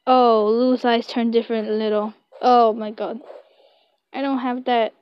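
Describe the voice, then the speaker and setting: A young woman reading a web story aloud in slow, halting English, recorded on a close, dry home mic. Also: fairly high pitch, little pitch movement, smooth, highs cut off. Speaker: story reader.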